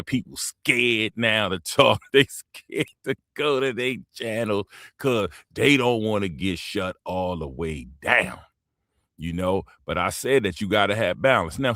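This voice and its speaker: Lively-voiced man lecturing his stream. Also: no room sound, clean studio sound. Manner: lecturing, rambling, swings in pitch; profane, teasing. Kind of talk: casual livestream monologue.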